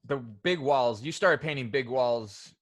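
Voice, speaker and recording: A man's voice: medium pitch, a little slow. A man hosting a casual podcast interview, asking loose questions, swearing freely and reacting with short replies. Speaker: podcast host.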